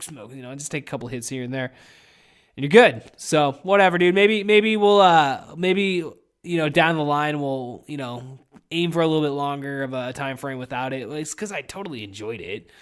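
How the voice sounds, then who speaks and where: A young man hosting a podcast in casual, rambling solo chat, swearing constantly and getting over a head cold. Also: medium pitch. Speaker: podcast host.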